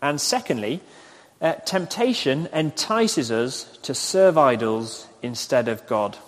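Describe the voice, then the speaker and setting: A man preaching a recorded sermon, speaking slowly and repeating his questions for listeners to write down. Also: medium pitch, animated. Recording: echoey hall with long reverb.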